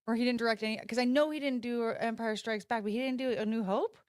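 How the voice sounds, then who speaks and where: A woman's voice: on the high side, fairly even intonation, fast talker, a little mellow, smooth, no room sound, clean studio sound. A woman hosting a casual livestream, rambling and interrupting herself as she talks to viewers through her phone. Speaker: livestream host.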